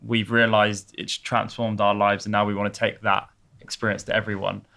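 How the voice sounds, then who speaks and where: Man, brand co-founder, low voice, measured, explanatory, casual talk. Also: little pitch movement, vocal fry, bright, forceful tone. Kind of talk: casual conversation.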